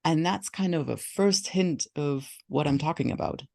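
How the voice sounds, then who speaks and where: A guest with a German accent, a software engineering professor whose first language is German, answering interview questions in a measured, teacherly way. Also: medium pitch, vocal fry.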